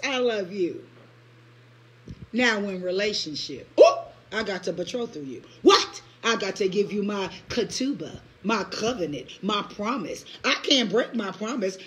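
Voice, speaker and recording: A woman preaching a live-streamed sermon in a high, bright voice. She speaks as God in the first person and breaks into call-and-response asides like a revival preacher. She swings from loud bursts to near-whispers and laughs often. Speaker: preacher leading early-morning prayer.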